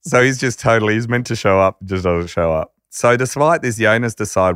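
A podcast host telling a story conversationally, animated and acting out quotes. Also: male voice, lowish voice, brisk, few pauses, smooth, dry recording, clean studio sound. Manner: animated narrator who acts out quotes.

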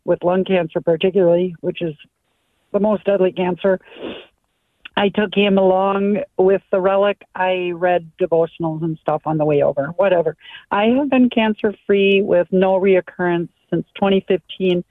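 A woman in her sixties calling in to a radio show, telling her story in an emotional, rambling, halting way over the phone. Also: on the low side, steady tone, no echo. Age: 60s. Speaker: caller. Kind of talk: call-in testimony. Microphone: telephone. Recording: tinny phone line.

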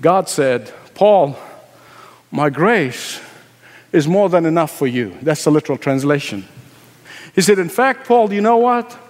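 A man with a high voice preaches a sermon, his words ringing with a long reverb through the hall. He repeats his phrases for emphasis and swings between quiet, low asides and loud, pleading cries. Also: big pitch swings, measured pace, pauses often. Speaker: pastor.

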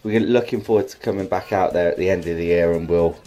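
A man's voice: low-pitched, quick pace, mellow. A man, a musician, recording a plain, friendly birthday message.

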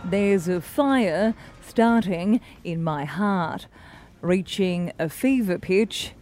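A woman co-hosting breakfast radio, reading song lyrics in a deadpan newsreader voice. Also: fairly low pitch, very slow, over music. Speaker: radio co-host.

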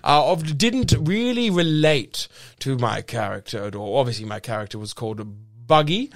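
A man's voice: medium pitch, lively intonation, normal speed, no room sound, clean studio sound, close to an everyday voice. A man improvising a pompous, boastful male actor who brags about his career and laughs at himself. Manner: grandiose, boastful, laughs often. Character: pompous self-important male actor Badge Cornerstone. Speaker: comedy podcast host. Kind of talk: improvised comedy role-play.

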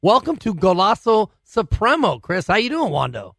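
A man from the Bay Area co-hosting a casual soccer podcast, running through fixtures in a brisk broadcaster-like way. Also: high voice, wildly swooping pitch, fairly bright tone, dry recording. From Bay Area, California. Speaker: co-host.

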